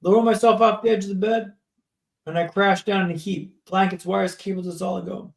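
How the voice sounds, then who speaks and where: A man's voice: high-pitched, fairly even intonation, brisk, gravelly. A man in his thirties, a podcast guest telling his story in a vivid, dramatic way and often checking in with "right?". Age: 30s. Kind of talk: storytelling interview. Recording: echoey room.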